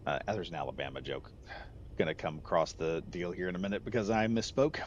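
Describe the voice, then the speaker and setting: This gaming channel host, a middle-aged man, has a deep voice and talks a little fast. He spins a loose, casual story, backtracking to fix his words and chuckling at his own humor. The audio sounds slightly muffled with a faint hum of background noise.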